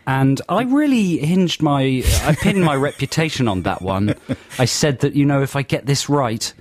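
A man's voice: medium pitch, animated, normal speed, dry recording. A man co-hosting a radio show, bantering in a mock-pompous, self-assured way. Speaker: radio co-host. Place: radio studio. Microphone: studio microphone.

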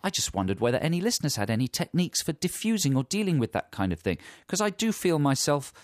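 Fast male radio co-host, animated pitch, dry close mic, chatty and opinionated. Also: no room sound. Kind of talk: casual radio chat.

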